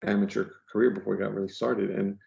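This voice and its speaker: Gravelly low-voiced man, rambling chat. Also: level tone, fast, darkish tone. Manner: rambling, many fillers and restarts. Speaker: podcast guest, comic book letterer. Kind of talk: casual chat. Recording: dull lo-fi audio.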